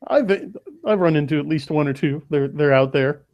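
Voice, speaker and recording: A man hosting an interview, asking questions in a halting, thoughtful way with restarts. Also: a little high, no room sound. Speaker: podcast host. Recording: dull dry lo-fi mic.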